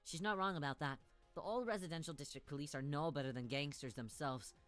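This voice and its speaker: A brisk-speaking woman streamer plays a visual novel with soft background music, reading its lines aloud. Playful and giggly, she jokes around and bursts into sudden high squeals in this casual let's-play commentary.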